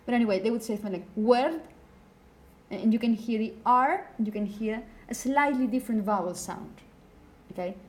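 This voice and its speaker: A woman giving a classroom lecture, explaining slowly and often checking in with the students. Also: fairly high pitch.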